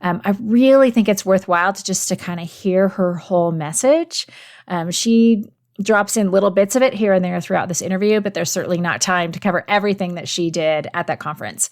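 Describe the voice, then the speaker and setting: Woman podcast host, faith show intro, earnest and encouraging, medium pitch, chatty with some ums. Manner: earnest, encouraging, warmly direct address to listeners; conversational with occasional fillers.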